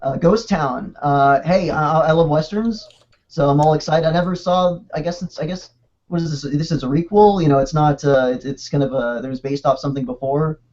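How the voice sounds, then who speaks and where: Man, rapid excitable podcast chatter, slightly higher voice, dull lo-fi sound. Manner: excitable, rambling, quick restarts. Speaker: podcast co-host. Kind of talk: casual podcast chat.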